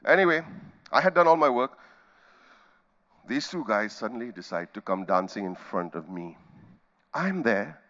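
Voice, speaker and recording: This middle-aged keynote speaker, Indian-accented and on a conference hall stage, is animated and forceful, with a bright mid-range voice, normal speed, and frequent pauses. He tells stories by acting out scenes with sound effects and quoted voices. The audio is dull.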